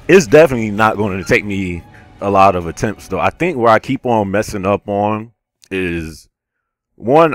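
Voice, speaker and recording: A man commentating his own gameplay, casual and slangy, swinging from low self-critical muttering to sudden yells. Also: no room sound. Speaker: gamer.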